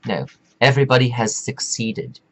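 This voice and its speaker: A man's voice: mid-range voice, normal speed, rough recording. A man giving a meandering, preachy spiritual pep talk, stretching out words for emphasis. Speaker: self-help speaker.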